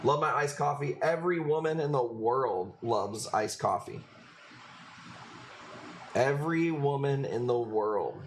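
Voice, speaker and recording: A man's voice: mid-range voice, unhurried, slight background noise. A man with a Chicago accent hosting a live coral-selling stream, chatting casually in a loose, rambling way with plenty of swearing. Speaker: livestream coral seller. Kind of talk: casual livestream chat.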